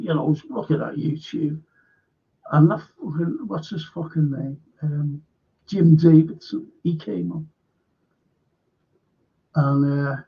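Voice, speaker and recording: Gravelly sweary man. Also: a little high. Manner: blunt, rambling, swears often. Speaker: show host. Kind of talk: casual live-stream chat. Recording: dull lo-fi stream audio.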